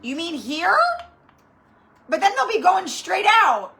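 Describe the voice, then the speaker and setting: A woman's voice: very high voice, very animated, slow pace, creaky, fairly bright tone, slight background noise. A woman hosting a live-stream craft tutorial, chatty and rambling as she greets viewers by name. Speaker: craft channel host.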